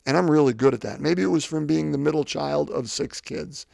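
This man in his fifties has a slightly high, mellow-ish voice with vocal fry, and he talks briskly. He hosts a faith podcast in studio quality with no room sound, reflecting in a rambling way and repeating words while thinking.

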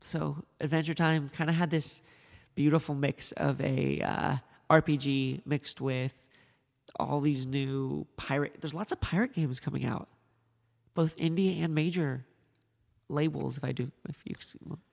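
A man's voice: fairly high pitch, fairly even intonation, unhurried, gravelly, in a large hall. A man co-hosting a casual podcast, telling joking, rambling stories. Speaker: podcast co-host.

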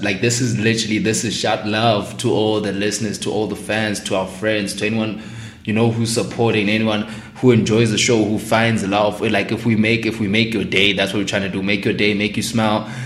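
A man's voice: lowish voice, echoey room. A man hosting a podcast in casual, slangy chat, laughing often. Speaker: podcast host.

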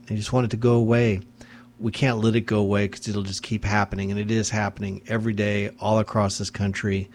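A man's voice: lowish voice, little pitch movement, a little fast, a little mellow, a little hiss or hum. A man hosting a radio talk show, delivering an angry, impassioned monologue from a studio mic. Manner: angry, indignant, ranting.

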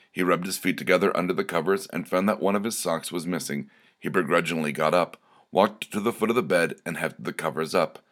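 Deep-voiced deadpan male storyteller. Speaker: narrator. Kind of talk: scripted narration of dark comic short stories.

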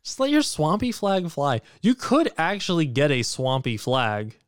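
A man's voice: a little high, wildly swooping pitch, measured pace, clear, resonant tone, no room sound, clean studio sound. A man co-hosting a podcast in casual chat, joking and profane. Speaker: podcast co-host.

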